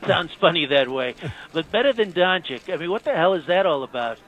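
A man's voice: a little high, animated, fairly quick, dull audio, close to an everyday voice. A man doing a comedy sketch impression of a boastful, rambling male president who praises himself and repeats his words. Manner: rambling, self-praising, repetitive.

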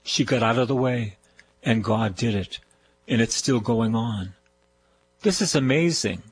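A man's voice: mid-range voice, measured pace, husky, rough recording. An older man with a Boston accent preaching a fervent radio sermon, repeating phrases of praise. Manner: fervent, repetitive preaching with call-and-response praise.

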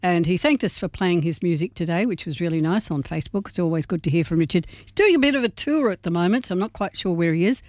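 A woman co-hosting a radio show, chatting casually and reading a gig guide in a warm, slightly rambling way. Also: fairly low pitch, lively intonation, fast talker, hardly any pauses, no room sound. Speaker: radio co-host. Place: radio studio.

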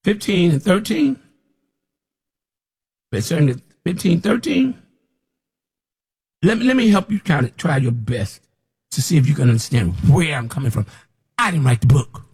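Male preacher, husky, fairly high-pitched, scolding, repeats himself, climbs toward shouts. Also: animated, normal speed, pauses often. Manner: scolding, repetitive, rising to near shouts. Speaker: self-described prophet. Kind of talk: preaching monologue.

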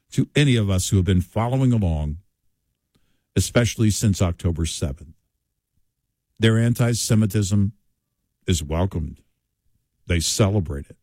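A man's voice: fairly low pitch, a little mellow, no echo. A middle-aged man co-hosting a talk radio show, emphatic and mocking in his commentary. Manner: emphatic and mocking, puts on sarcastic voices. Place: radio studio.

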